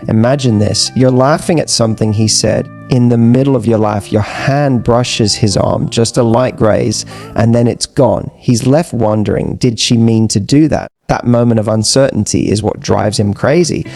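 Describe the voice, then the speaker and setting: A man giving scripted dating advice narration in a measured, persuasive way with emphatic repetition. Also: mid-range voice, vocal fry, darkish tone, faint music behind.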